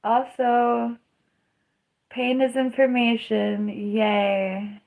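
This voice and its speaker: Slow-talking young woman streaming in pain. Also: on the high side, monotone, vocal fry, darkish tone, poor audio. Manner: rambling, laughing through pain, groaning. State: in pain, tearful. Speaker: livestreamer. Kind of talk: casual live stream chat.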